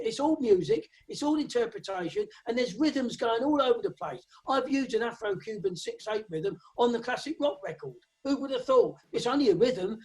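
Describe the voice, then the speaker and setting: A man's voice: high voice, a little mellow. Emphatic man giving blunt advice. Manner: blunt, emphatic, mate-peppered advice with sung drum patterns. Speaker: guest drummer. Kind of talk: lockdown video call interview. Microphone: video call.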